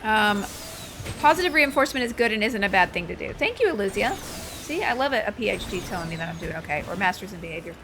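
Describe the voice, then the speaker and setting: A woman's voice: mid-range voice, expressive, quick pace, noisy background. A woman chatting casually while she streams a video game, telling stories and reacting to the play. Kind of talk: casual chat while gaming.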